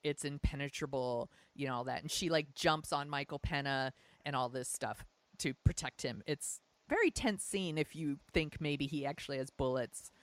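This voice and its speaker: Low-voiced woman podcast host, dry sound. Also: moderate pace, no echo. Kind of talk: casual chat.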